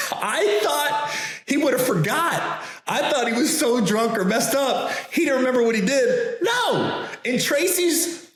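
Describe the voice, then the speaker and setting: A man, a comedian and host, telling a story in a casual, animated way, acting out the voices of others and laughing often. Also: very high voice, unhurried, heavy reverb.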